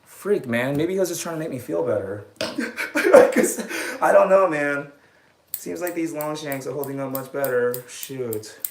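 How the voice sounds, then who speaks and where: A man's voice: a little high, moderate pace, vocal fry, echoey room. A man, a dog groomer, chatting casually while he grooms, rambling and poking fun at himself, laughing at his own jokes.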